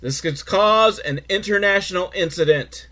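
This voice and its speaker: A man hosting a podcast, recapping a film in a crude, rambling, self-mocking way with sudden loud outbursts. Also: high-pitched, normal speed. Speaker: podcast host reviewing a film. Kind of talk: casual comedic film recap.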